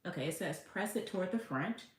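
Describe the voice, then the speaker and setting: Woman, sewing livestream host, low voice, echoey room, faint noise. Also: lively intonation, fairly quick. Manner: chatty, talks to herself, reads viewer comments aloud. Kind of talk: casual livestream chat while sewing.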